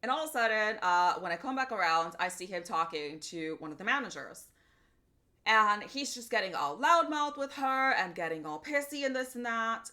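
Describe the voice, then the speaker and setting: Woman streamer just chatting, bright voice, animated and cussy storyteller. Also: mid-range voice, moderate pace. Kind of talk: casual livestream chat.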